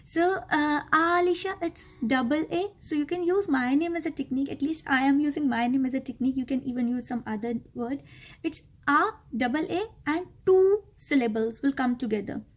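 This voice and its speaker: A young woman with a high, fairly quick voice teaches an exam-prep literature lesson. She walks through it step by step, with plenty of ums and uhs, often checking in with "right?".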